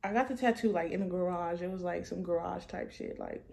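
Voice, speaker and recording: A woman's voice: on the low side, a little fast, vocal fry, a little mellow. A young adult woman telling a storytime vlog in a loose, profane, laughing way. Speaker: vlogger. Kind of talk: casual storytime monologue.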